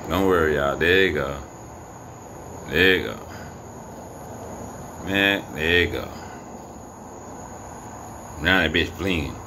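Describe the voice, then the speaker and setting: A man filming the night sky on his phone outdoors, giving excited and profane running commentary to his viewers. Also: very deep voice, slow pace, pauses often. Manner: animated, profane, incredulous, talks to viewers. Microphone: phone camera. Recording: noisy outdoor phone recording. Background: crickets and insects, passing vehicles.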